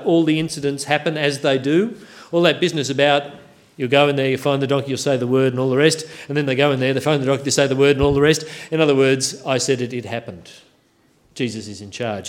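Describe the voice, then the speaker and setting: A man preaching a sermon, walking through a Bible passage with wry, self-deprecating humour. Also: medium pitch.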